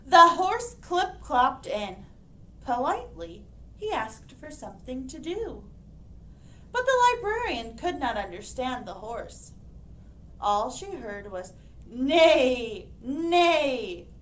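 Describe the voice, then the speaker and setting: A woman librarian reading a picture book aloud to children, expressive and animated, pointing out the pictures. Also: high voice, takes it slowly.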